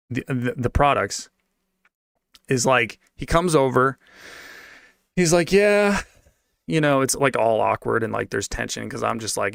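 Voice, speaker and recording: A man's voice: mid-range voice, gravelly, fairly bright tone, no room sound, clean studio sound. A young man streaming and venting about his old job in a rambling, profane, slang-heavy way while reading donations. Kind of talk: casual rant.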